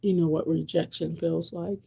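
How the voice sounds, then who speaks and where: Blunt, gravelly woman in her sixties. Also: deep voice, fairly even intonation, moderate pace, warm tone. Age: 60s. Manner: blunt, repetitive, preaching. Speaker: vlogger. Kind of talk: preachy monologue to camera.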